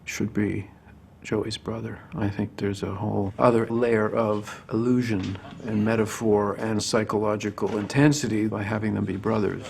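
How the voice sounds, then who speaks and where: A man, a film director, speaking in a measured, thoughtful way in an interview. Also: lowish voice, level tone, gravelly, a little mellow, slight background noise. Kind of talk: interview commentary.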